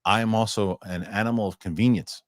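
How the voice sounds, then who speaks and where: A man's voice: fairly low pitch, fairly quick, no room sound, clean studio sound. A man co-hosting a live entertainment news show, joking and rambling in casual chat and reading news aloud. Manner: animated, joking, rambling asides.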